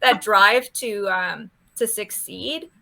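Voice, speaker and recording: A woman's voice: mid-range voice, takes it slowly, creaky, bright, forceful tone. A woman from Canada, a podcast guest, chatting in an earnest way and often laughing. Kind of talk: casual interview chat.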